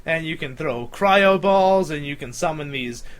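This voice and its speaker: A young man in a loose, jokey podcast chat, with a voice sitting a little higher than most men's. He tells stories with animation and laughs often. He breaks into impressions of the people he describes. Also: lively intonation, measured pace. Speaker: podcast co-host. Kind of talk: casual chat.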